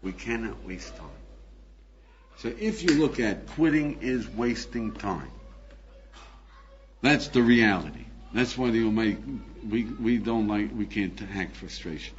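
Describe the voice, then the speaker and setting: An older man, a rabbi, giving a lively lecture, acting out little scenes and asking his listeners questions. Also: fairly low pitch, a little slow, lo-fi sound. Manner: animated, acts out little scenes with voices, laughs, asks the audience. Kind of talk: recorded lecture.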